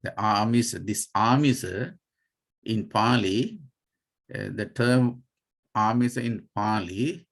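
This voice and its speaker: Slow, gravelly Sri monk teaching. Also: male voice, on the low side. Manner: patient, spells out terms letter by letter, many fillers. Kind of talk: slow dharma class lecture.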